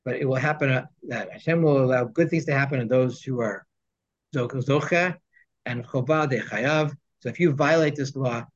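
The audio is dull and lo-fi as a man with a mid-range voice, speaking at normal speed, teaches Torah in a text study class. He reads Hebrew phrases, explains them in English, and throws in joking asides.

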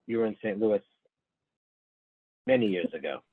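A man's voice: fairly low pitch, huge pitch swings, normal speed, gravelly, breathy edge, dry recording. A man leading an online study class, patiently explaining texts to his students by name, stopping and restarting his sentences as he thinks. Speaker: class teacher. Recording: narrow phone-like sound, dry.

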